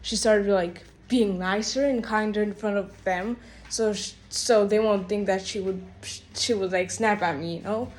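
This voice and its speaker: A woman's voice: mid-range voice, steady tone, moderate pace. A woman telling a rambling, exasperated storytime rant, full of "like" and "bro" fillers. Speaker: vlogger.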